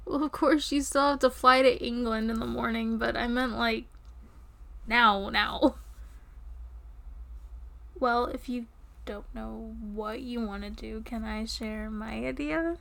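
A high-pitched young woman performs an intimate audio role-play, out of breath and giggling between lines. She speaks slowly and unhurriedly, often sinking into a hushed whisper. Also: steady tone, vocal fry.

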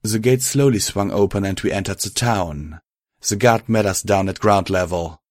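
A man reading a first-person fan fiction story aloud, steady and even. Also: fairly low pitch, moderate pace, dry recording, clean studio sound. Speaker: narrator.

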